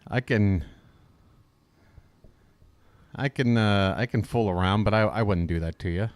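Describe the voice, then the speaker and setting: A man's voice: on the low side, brisk, hardly any pauses, no echo. A man doing casual live-stream baseball commentary, rambling and crude, talking to himself between plays.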